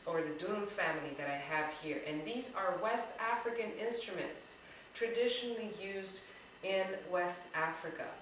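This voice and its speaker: Bright-voiced woman teaching kids drumming. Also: medium pitch, slight background noise. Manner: slow, encouraging, chants words in loud syllables. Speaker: teaching artist. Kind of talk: children's music lesson. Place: room full of drums. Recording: echoey room, voice a bit far from the mic.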